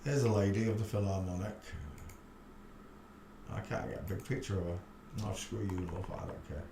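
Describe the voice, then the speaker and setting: Male host, low voice, rambling crude livestream chatter, echoey room. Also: fairly even intonation, normal speed, creaky, warm tone. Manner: rambling, thinking aloud, crude jokes. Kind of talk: casual livestream commentary. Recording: echoey room, faint background noise.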